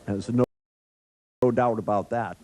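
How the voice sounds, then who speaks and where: Male workshop leader, irreverent anecdotal style, quick to laugh at his own stories. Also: lowish voice, fairly even intonation, a little mellow. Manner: joking storyteller, laughs often; blunt, irreverent. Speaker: workshop trainer. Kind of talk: live workshop lecture. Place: workshop room with audience.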